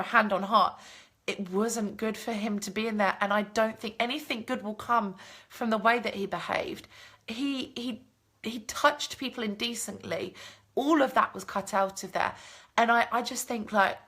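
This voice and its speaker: A woman vlogger chatting casually and telling an animated story, swearing freely as she answers viewer comments. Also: on the high side, breathy edge. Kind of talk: casual chat, live stream.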